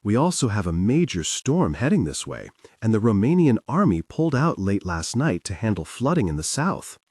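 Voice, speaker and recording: A man's voice: lowish voice, sing-song, moderate pace, a little mellow, husky, dry recording, studio quality. A man voicing a terse, grim military colonel in an audiobook.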